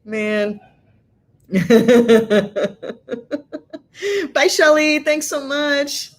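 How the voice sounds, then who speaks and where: A woman's voice: high voice, steady tone, very slow. A middle-aged woman hosts a casual livestream from home and reads viewer comments aloud. She sounds tired but stays chatty, laughs often and fills her talk with "like" and "you know". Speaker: livestream host. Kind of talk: casual live chat reading viewer comments.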